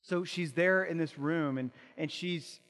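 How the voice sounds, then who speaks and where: A man's voice: on the high side, a little slow, a bit bright, in a large hall. A male pastor preaching an impassioned sermon, asking rhetorical questions and repeating words as he builds.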